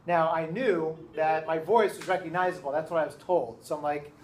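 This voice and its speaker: A man in his thirties, a teacher telling a lively story to his class, often checking in with his listeners. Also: on the high side, normal speed, a little hiss or hum, low-quality recording. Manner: animated, keeps checking in with listeners.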